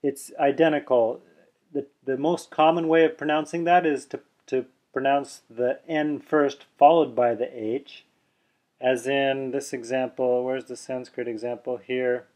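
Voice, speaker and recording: A man teaching pronunciation, who explains slowly and then chants the examples with careful, deliberate delivery. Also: mid-range voice, fairly even intonation, a little mellow. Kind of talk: pronunciation lesson with slow chanting.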